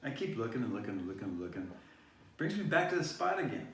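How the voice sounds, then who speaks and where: A man rambles through a personal story, circling back and restarting his sentences as he goes. He sits far from the mic in a very echoey room, and a faint hiss runs underneath. His voice sits at an ordinary middle pitch. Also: big pitch swings, fast talker, fairly bright tone. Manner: meandering, many fillers and restarts. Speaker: vlog host.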